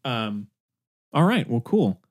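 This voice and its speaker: Man, podcast host, easygoing, a bit distracted, casual chat, mid pitch. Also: very animated, slow.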